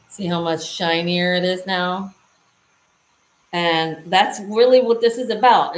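Slow-talking woman vlogger in an echoey room. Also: mid-range voice. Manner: chatty, talks to viewers while working. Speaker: lifestyle vlogger. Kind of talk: casual how-to demonstration. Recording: roomy echo.

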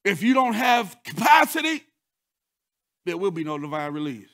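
High-voiced man preaching with rising shouts. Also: big pitch swings, moderate pace, pauses often. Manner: repeats words, call-and-response asides. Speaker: pastor. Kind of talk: sermon.

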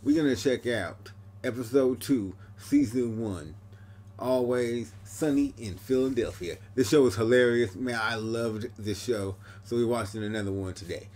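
A man's voice: mid-range voice, normal speed, a little mellow. A man hosting a casual TV reaction video, talking in a laid-back, slangy way.

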